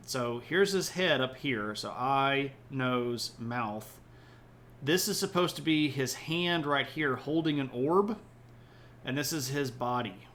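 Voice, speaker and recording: A man's voice: medium pitch, a bit bright. A man hosting a casual livestreamed history talk, explaining events in a joking, chatty way and often checking in with "right?". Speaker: history podcast host.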